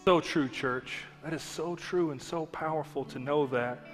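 At a measured pace and with a slightly high voice, a man preaches as pastor, earnest and conversational and leaning on emphatic repetition. Long reverb from the church sanctuary and faint background music color the sound.

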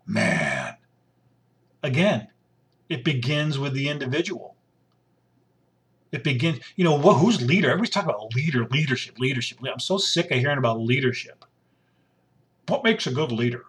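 A man's voice: medium pitch, a little fast. A middle-aged man giving blunt, rambling casual commentary on his own, often repeating himself and breaking off mid-sentence.

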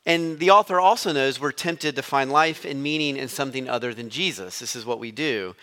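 A man gives a sermon as a visiting preacher. His voice is bright and forceful. He speaks conversationally and leans on storytelling. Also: medium pitch, brisk. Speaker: guest preacher.

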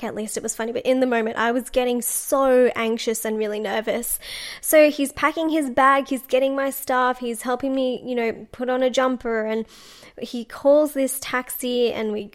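Young woman podcaster, bright-ish higher voice, casual chatty storyteller full of "like"s. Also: normal speed. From Australia. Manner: chatty, animated, lots of "like" and acted-out quotes. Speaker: podcast host.

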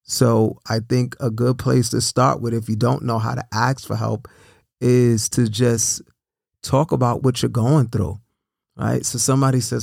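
A man with a gravelly, creaky voice talks in a casual, earnest way, encouraging his listeners. He repeats words as he goes and keeps asking "right?". The sound is dry and close, with almost no room echo. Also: mid-range voice, steady tone, unhurried, a little mellow. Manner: earnest, repeats himself, asks "right?" often.

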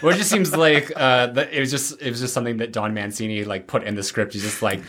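Male co-host, mid-pitched, halting, searches for words. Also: steady tone, a bit bright, slight background noise. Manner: hesitant, restarts often, thinks aloud. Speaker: podcast co-host. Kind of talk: casual chat.

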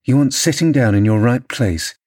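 A man reading an audiobook, voicing a proud, passionate young lady of the manor who speaks in an imperious, sharp way. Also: medium pitch, moderate pace, dry recording, clean studio sound, lightly acted.

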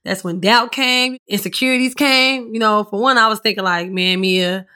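A woman with a raspy voice hosting her own podcast, telling her story in a candid, chatty way and swearing freely. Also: on the high side, normal speed, pushed and bright. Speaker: podcast host. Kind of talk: casual solo podcast monologue.

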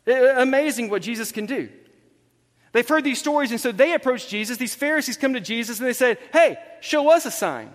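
A man's voice: extremely high pitch, fairly quick, a bit bright, long reverb tail. A man preaching a sermon as pastor, telling the story with animation and acting out the dialogue. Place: church hall with congregation.

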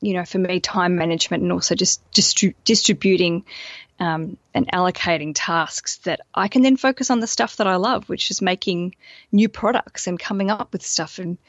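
Chatty Australian woman, joking and quick. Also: fairly low pitch, dry recording, highs cut off. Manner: lively, joking, self-deprecating, rambling with restarts. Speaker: podcast guest, wedding business owner. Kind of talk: casual podcast interview.

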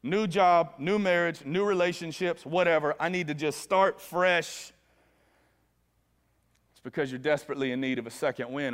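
A male pastor preaching a sermon with fervor, his voice swinging from hushed lows to loud, ringing peaks. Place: church sanctuary. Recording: long reverb of a large hall.

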